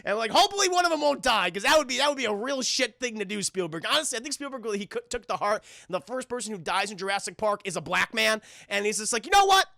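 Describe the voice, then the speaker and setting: Casual: guy ranting a movie recap at his chat, gravelly voice, bright tone, dry close mic. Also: sits high, fast, hardly any pauses, no echo. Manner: animated, profane, addresses chat constantly. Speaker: film reviewer streaming to chat. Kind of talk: casual spoiler review talk.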